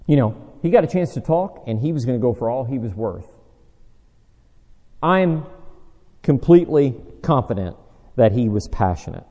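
A preacher leads a Bible study in a big, echoing hall, his somewhat high voice expressive and warm, at normal speed with long pauses. His sermon feels conversational: he chats, asks the audience questions, and drops dry self-deprecating jokes.

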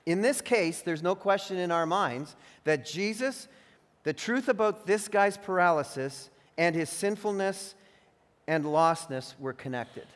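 A man preaching a sermon as pastor, earnest and teacherly, leaning hard on key phrases. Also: a little high. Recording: long reverb of a large hall.

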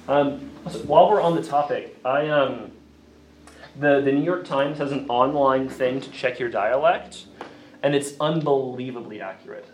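A man from Virginia with a Southern accent, giving a lively classroom lecture and asking his audience questions. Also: medium pitch, slight background noise. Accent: Southern US, Appalachian Virginia. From Grayson County, Virginia, USA. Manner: energetic, asks the audience questions often. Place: lecture room. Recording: echoey room, mic from a distance.

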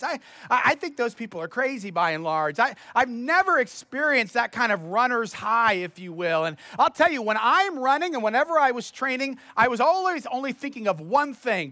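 High, bright-voiced male pastor preaching. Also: dry recording. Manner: conversational, self-deprecating storytelling. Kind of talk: sermon.

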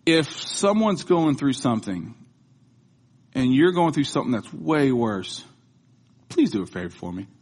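Pastor, male, husky mid-range voice, casual talk building into rhythmic declarations. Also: medium pitch, big pitch swings, unhurried, pauses often, darkish tone. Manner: conversational preaching that builds into rhythmic proclamation. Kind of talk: sermon.

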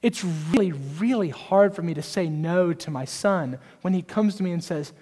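A man's voice: sits high, normal speed, breathy edge. A young man preaching an earnest sermon to a congregation. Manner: earnest preaching, varies pace and loudness. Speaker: pastor. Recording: hall reverb.

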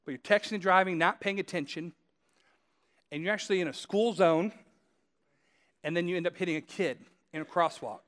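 A pastor preaching a sermon, talking to listeners directly in a conversational storytelling way and repeating phrases for emphasis. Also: male voice, high voice, fairly quick, pauses often, a bit bright.

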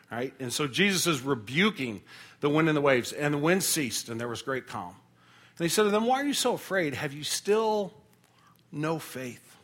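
A middle-aged male pastor delivers a sermon in a slightly higher-than-usual voice. He talks earnestly and conversationally, stumbling into repeated words and restarts as he explains each passage. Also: a bit bright.

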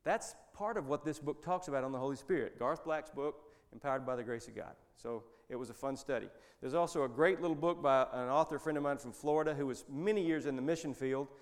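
A man's voice: mid-range voice, fast, few pauses. A man preaching, telling a story in a folksy, rambling way, with frequent restarts. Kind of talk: sermon storytelling. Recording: long hall reverb.

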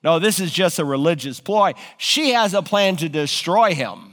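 A man preaching a sermon, retelling scripture with animated, dramatic storytelling in a church. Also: fairly high pitch, moderate pace, long reverb tail. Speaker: pastor.

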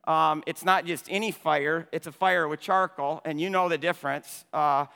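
A man preaching a sermon with passion, stumbling over repeated words as he starts phrases and swinging between loud and hushed. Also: on the high side, steady tone, normal speed, vocal fry, clear, resonant tone. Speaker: pastor. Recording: long hall reverb.

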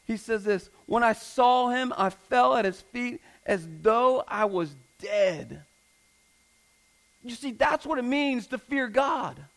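An earnest male pastor in his thirties with a notably high voice, preaching a sermon. He reads scripture aloud and drives his points home by repeating phrases. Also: expressive, slow pace, vocal fry, a bit bright, low-quality recording.

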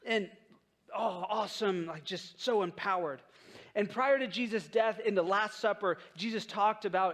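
A man's voice: high-pitched, normal speed, a bit bright. A man preaching a sermon in a casual storytelling way, acting out the quotes in his stories. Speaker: pastor.

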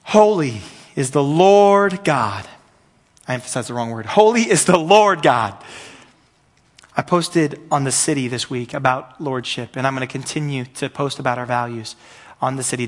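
A man's voice: medium pitch, a bit bright. A man preaching a sermon as pastor, earnest and repetitive, building in intensity at the peaks.

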